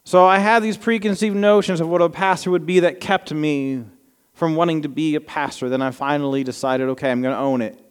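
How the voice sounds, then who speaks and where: A man's voice: on the high side, steady tone, fairly quick, clear, resonant tone. Man preaching in a reverberant sanctuary. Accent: slight Southern American. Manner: conversational storytelling, self-deprecating asides. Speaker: pastor. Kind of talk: sermon with personal stories. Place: church sanctuary before a congregation. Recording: long reverb of a large hall.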